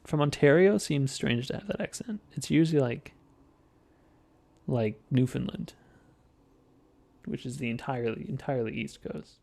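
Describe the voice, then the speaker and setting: A Western Canadian man muses aloud over clips during a live stream. His gravelly voice wanders through restarts and half-finished thoughts. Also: medium pitch, darkish tone. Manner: rambling, halting, musing. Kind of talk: casual live-stream commentary.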